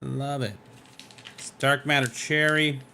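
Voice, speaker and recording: A man's voice: mid-range voice, steady tone, takes it slowly, creaky, sharp tone, slight background noise. Hyped tired man streaming a game. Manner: hyped, repeats himself, lots of "dude" and "man". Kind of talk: casual gaming stream chat.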